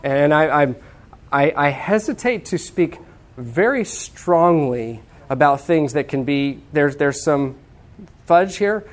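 Guy preaching a sermon, animated, jokey, keeps asking the crowd okay?. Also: a little high, slow. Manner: lively, humorous, acts out voices of people; talks to the audience with many "okay?" checks. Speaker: pastor teaching on evangelism.

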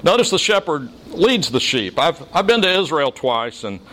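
A man's voice: a little high, sing-song, normal speed, sharp tone. A middle-aged man preaching a sermon as a pastor, plain and folksy, with dry humor.

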